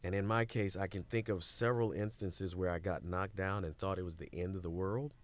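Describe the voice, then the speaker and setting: Lively male guest storyteller with a somewhat low voice, casual podcast register. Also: a little fast. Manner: animated storytelling, acts out quoted voices. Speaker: guest, business owner and mentor.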